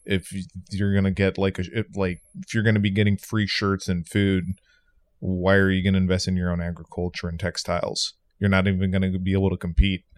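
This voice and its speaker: A man's voice: deep voice, flat delivery, fairly quick. A man in a casual podcast chat, matter-of-fact and playing the skeptic.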